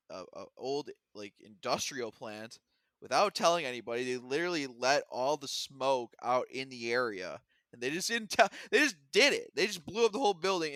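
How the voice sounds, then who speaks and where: Young male podcast co-host, lively swooping pitch, dry close sound, laughs a lot, casual swearing. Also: no room sound. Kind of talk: casual chat.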